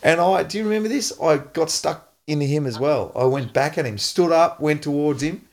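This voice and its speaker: An Australian man and former footballer, hosting a casual chat and telling an animated story with frequent laughs. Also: fairly high pitch, a little fast. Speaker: podcast host, former footballer.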